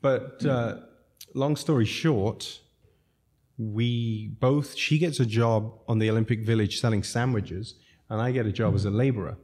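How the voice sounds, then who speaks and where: A man's voice: medium pitch, unhurried, darkish tone. A man from South Africa, a podcast guest, telling long rambling stories in a casual way and laughing between sentences. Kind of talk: casual storytelling.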